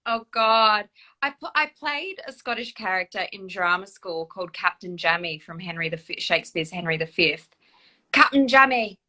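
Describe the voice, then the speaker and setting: Bright, chatty actress on a live stream. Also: female voice, mid-range voice, lively intonation, moderate pace. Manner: chatty, enthusiastic, laughs often. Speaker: actress and live-chat co-host. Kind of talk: casual live-stream chat. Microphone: phone on a live video stream.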